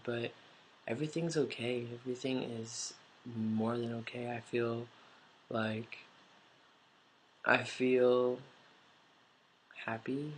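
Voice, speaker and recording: A man's voice: medium pitch, fairly even intonation, takes it slowly, pauses often, a little hiss or hum. A man with a stuffy nose telling a personal story in a casual, rambling vlog, full of "like" and offhand swearing, recorded on a camera mic. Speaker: vlogger.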